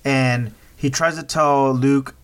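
A man's voice: medium pitch, fairly even intonation, slow pace, clear, resonant tone. Guy hosting a movie review podcast, talks in loose rambling bits, keeps checking "right?" with his cohost. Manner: rambling, recaps plot with many restarts and "right?" checks. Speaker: podcast host. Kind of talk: casual movie review chat.

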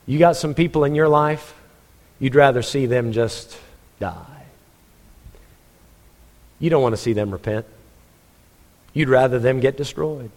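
A man with a medium-pitched voice preaches a sermon in what sounds like a large room. He tells a story with humor, often chuckling as he acts out the people he quotes.

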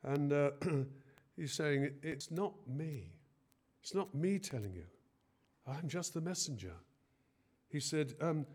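A man's voice: on the high side, expressive, takes it slowly, pauses often, a little mellow, slightly rough. A man preaching a sermon in an earnest way, often hesitating and rising in force on key phrases.

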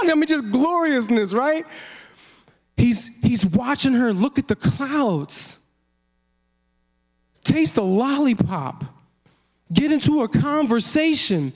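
A man preaching a sermon as a pastor, animated, acting out quotes and laughing often. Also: extremely high pitch.

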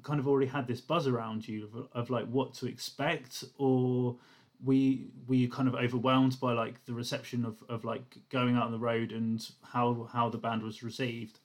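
A man's voice: mid-range voice, level tone, moderate pace. A man interviewing a musician, asking long, rambling questions padded with fillers. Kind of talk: casual interview.

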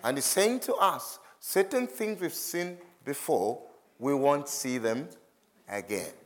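A man's voice: a little high, expressive, slow. A man preaching a sermon as a visiting speaker, chatty and self-deprecating, reading scripture aloud to a church congregation.

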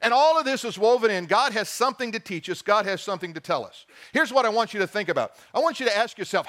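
A man with a high, light speaking voice preaches a sermon. He reads scripture aloud and presses each point home, stopping to put questions to the congregation. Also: animated, quick pace, few pauses, fairly bright tone. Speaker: pastor.

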